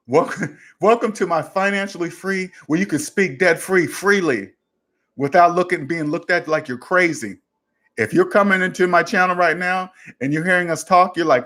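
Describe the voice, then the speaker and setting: A man's voice: a little high, fairly bright tone. A man hosting a personal finance livestream Q&A, talking casually with emphatic, repetitive catchphrases and answering viewers' questions. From United States.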